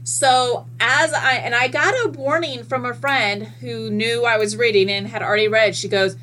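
A woman guest in a casual podcast chat, telling stories in an animated way and swearing freely. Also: on the high side, moderate pace, low-quality recording. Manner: animated, profane storyteller.

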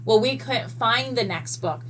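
A woman guest in a casual podcast chat, telling stories in an animated way and swearing freely. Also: fairly high pitch, a little slow, slight background noise, rough recording. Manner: animated, profane storyteller.

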